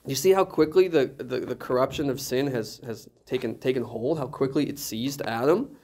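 A male pastor preaching an animated sermon, full of jokes and rhetorical questions. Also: mid-range voice, normal speed.

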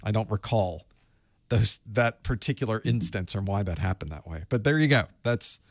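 A man's voice: lowish voice, moderate pace, no room sound. A middle-aged man casually chatting on a livestream before a study session, greeting viewers by where they are and rambling about his work. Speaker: IT certification instructor hosting a live study group. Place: small dark room.

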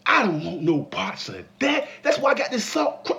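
A man giving a comedic commentary vlog, laughing and breaking into mock shouts. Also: sits high, wildly swooping pitch, moderate pace, gravelly. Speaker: vlogger.

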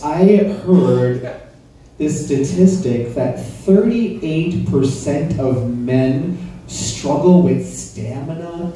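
A man performing a stand-up comedy set at a club, crude and conversational, teasing the audience. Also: mid-range voice. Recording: roomy club sound from far off, crowd audible. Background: audience laughter.

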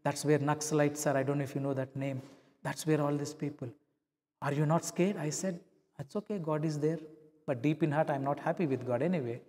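A man delivering a sermon as a personal story, voicing each character in turn. His voice sits somewhat high, and a long reverb hangs on every phrase in the church hall. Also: a little fast. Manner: animated storyteller acting out quoted dialogue. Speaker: pastor.

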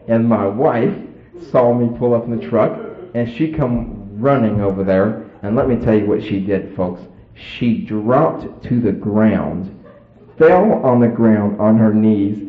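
A man preacher telling a personal story in a folksy, animated sermon. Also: fairly low pitch. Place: church. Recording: roomy, tinny phone-like old tape.

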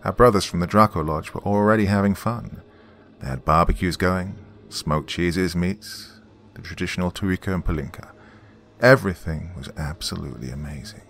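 A man narrating a horror story in a measured, dramatic way, with a gravelly voice. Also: low-pitched, fairly bright tone.

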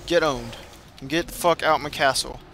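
A man's voice: a little high, normal speed, fairly bright tone, a little hiss or hum. A man swearing and trash-talking through frustrated gameplay commentary. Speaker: gamer.

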